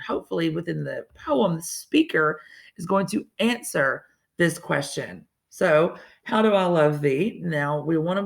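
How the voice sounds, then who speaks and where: A woman's voice: deep voice, gravelly. A woman teacher with a Southern US accent, explaining a poetry lesson step by step in a chatty way, with self-correcting asides. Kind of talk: recorded online reading lesson.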